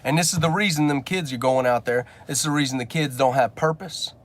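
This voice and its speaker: A business coach who hosts a channel talks to his viewers from his car in a mid-range, brisk voice. His motivational rant is blunt and preachy, and he swears casually throughout.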